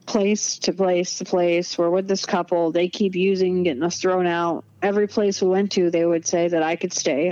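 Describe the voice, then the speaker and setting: A woman's voice: on the low side, a little mellow. A young woman telling her story as an interview guest, bluntly, with heavy filler words and free swearing. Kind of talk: casual storytelling. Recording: dull lo-fi, dry close sound.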